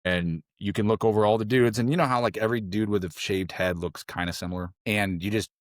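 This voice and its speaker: A middle-aged man on a podcast, telling a long story in a rambling, animated way, full of fillers and restarts, and jumping into a high voice when he quotes others. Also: fast talker, no echo, studio quality. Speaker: podcast guest, former SEAL trainee. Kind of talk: casual storytelling interview.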